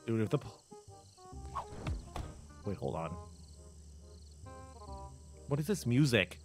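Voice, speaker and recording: A man's voice: on the low side, very animated, slow, soft background music. A young man casually commenting on his gameplay, joking and rambling with plenty of fillers. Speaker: gaming video host.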